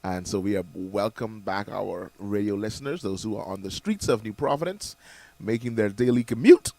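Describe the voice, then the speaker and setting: A man's voice: on the low side, expressive, normal speed, vocal fry, dark tone. A man co-hosting a morning radio show in casual chat, playful and often laughing as he rambles through restarts. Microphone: studio microphone.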